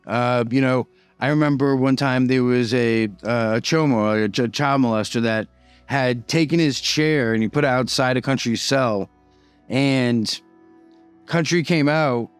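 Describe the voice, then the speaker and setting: A man tells a story in a loose, rambling way, filling his sentences with "like" and "you know." His voice is smooth and clear and sits at an ordinary pitch. The sound is dry and close, with faint music underneath. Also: no echo. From Boston. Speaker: YouTuber telling prison stories. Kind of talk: casual storytelling.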